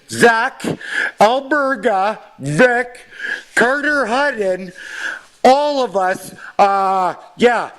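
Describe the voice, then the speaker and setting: A man's voice: extremely high pitch, fairly bright tone. A man calling in to a sports postgame show, ranting fired-up and rambling, swearing constantly. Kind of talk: profane ranting sports talk.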